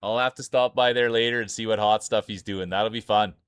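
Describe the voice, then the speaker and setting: A man's voice: on the low side, steady tone, a little fast, fairly bright tone, clean tone, dry recording. A man streaming live, calling marble races like a sports announcer and greeting viewers by name. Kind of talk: live stream race commentary.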